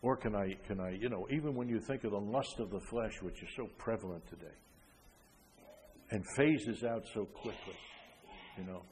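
An older man preaching a sermon, emphatic, with frequent rhetorical questions, rising loud and then dropping soft. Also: on the low side, moderate pace, a little hiss or hum. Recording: long hall reverb.

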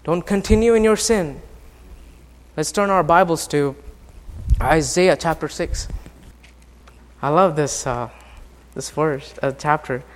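A male pastor with a high voice preaches a sermon to his congregation. He moves from hushed, quiet passages to loud, fervent ones and keeps asking the listeners questions. His voice rings with the long reverb of a church hall.

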